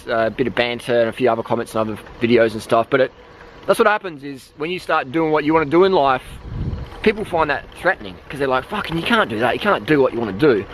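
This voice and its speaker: A man's voice: fairly high pitch, fairly bright tone, slight background noise, poor audio. An Australian man vlogging outdoors from a vehicle, delivering a blunt, profane motivational rant. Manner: blunt, sweary, emphatic.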